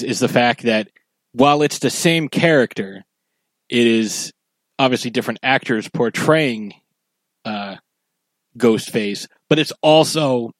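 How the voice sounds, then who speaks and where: A man's voice: medium pitch, dry recording. A man hosting a podcast in casual, loose, sometimes sweary chat. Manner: loose, sweary, rambling with fillers. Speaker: podcast host.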